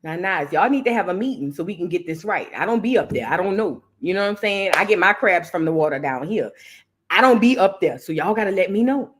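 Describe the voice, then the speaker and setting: A woman's voice: fairly low pitch, lively intonation, fairly quick, husky. A woman hosting a casual gossip show, chatty and teasing as she rambles on. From Southern United States. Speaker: host.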